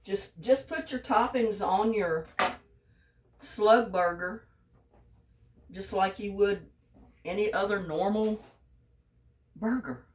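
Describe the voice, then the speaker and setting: A woman's voice: medium pitch, slow, pauses often, a little mellow, distant mic. A woman talking through a home cooking video in a folksy, chatty way, speaking straight to her viewers. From Texas. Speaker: home cook. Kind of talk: casual cooking vlog.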